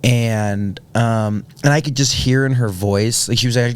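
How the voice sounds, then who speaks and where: A man's voice: medium pitch, fairly even intonation, moderate pace, smooth. A man, telling a personal story earnestly on a podcast, with many fillers and restarts. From Indiana, USA. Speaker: podcast guest. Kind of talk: casual storytelling.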